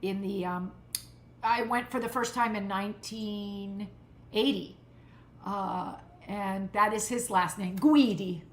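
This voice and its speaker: A woman in her sixties, a guest telling funny stories with animated, laughing energy. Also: mid-range voice, takes it slowly, slight background noise. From United States, Cuban community. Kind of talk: casual interview chat. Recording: roomy echo.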